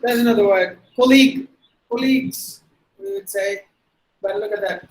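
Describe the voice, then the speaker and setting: A man's voice: extremely high pitch, big pitch swings, moderate pace, low-quality recording. A man with a Tamil accent teaching pronunciation in an online webinar, spelling words out letter by letter and repeating them. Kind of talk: online lecture. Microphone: video call.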